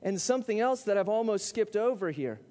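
A man with a notably high voice preaches to his congregation, driving his points home with repeated questions and emphasis. His words ring out with a long reverb trailing behind them in the church hall. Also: lively intonation, brisk, darkish tone. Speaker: pastor. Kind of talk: sermon. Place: church sanctuary.

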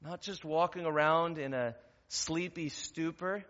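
A man with a fairly high voice preaches a sermon, posing rhetorical questions and rising to loud, emphatic passages. His voice rings with a long reverb in the church sanctuary. The recording sounds dull and lo-fi. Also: steady tone, measured pace. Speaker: pastor.

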